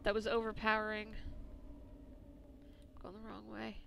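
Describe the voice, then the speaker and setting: A woman's voice: mid-range voice, completely flat delivery, unhurried, creaky, fairly bright tone, a little hiss or hum. A woman hosting a let's play, chatting casually with joking asides while she plays. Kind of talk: casual game commentary.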